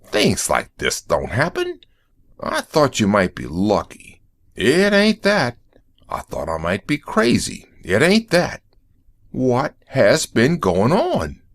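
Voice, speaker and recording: A man reading the lines of a shaken, bewildered male police sergeant in an audiobook, speaking in a halting way. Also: medium pitch, huge pitch swings, exaggerated voice.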